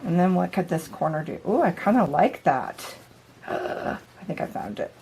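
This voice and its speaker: A woman's voice: fairly low pitch, animated, normal speed, vocal fry, a little mellow, a little hiss or hum, low-quality recording. A woman vlogging as she works on a project, chatting casually and thinking aloud in an upbeat way. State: out of breath at times. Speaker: DIY vlogger. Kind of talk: casual talk-through while working. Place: camper interior.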